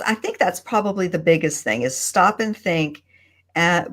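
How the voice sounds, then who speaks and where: A woman on a video call at her desk, chatting on a panel and giving tips in a thoughtful, pausing way. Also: medium pitch, fairly bright tone. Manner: thoughtful, deliberate, with pauses. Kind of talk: casual panel chat. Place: home desk.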